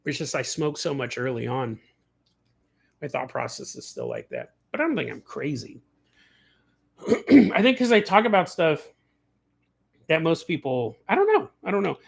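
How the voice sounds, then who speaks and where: A man hosting a casual livestream, telling animated stories, acting out the people he quotes and laughing often. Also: fairly high pitch, moderate pace, gravelly, pauses often, breathy edge. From California. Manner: laughs often mid-sentence. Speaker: podcast host.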